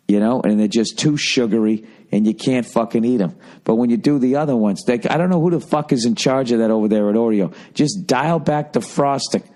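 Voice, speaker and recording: At medium pitch with a darkish tone, a man in his forties who hosts a podcast launches into a profane, self-deprecating comic rant. It stays loose and casual, wandering and breaking off to restart sentences midway.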